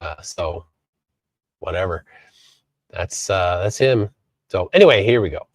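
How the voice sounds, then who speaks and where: Rambling man with a lively pitch. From Minnesota. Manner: rambling, halting, many fillers and restarts. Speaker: livestream host. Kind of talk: casual live-stream commentary reading chat.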